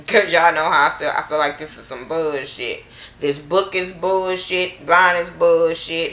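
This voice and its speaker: Woman, low-pitched voice, bright and forceful, blunt exasperated show recap, roomy echo. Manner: blunt, profane, exasperated ranting. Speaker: reality TV recap vlogger. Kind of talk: casual opinionated recap.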